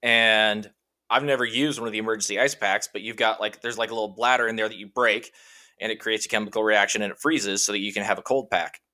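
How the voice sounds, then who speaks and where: Bright-voiced man telling a rambling story. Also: lowish voice, fast talker. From Washington state. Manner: rambling, animated anecdote with many fillers. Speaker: guest. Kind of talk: casual storytelling.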